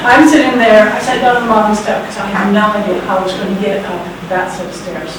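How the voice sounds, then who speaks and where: A woman's voice: medium pitch, steady tone, fast talker. A woman in her sixties telling a true story on stage with wry, sarcastic, self-mocking humor. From United States. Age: 60s. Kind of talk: live personal storytelling. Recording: very echoey hall, distant mic, background noise.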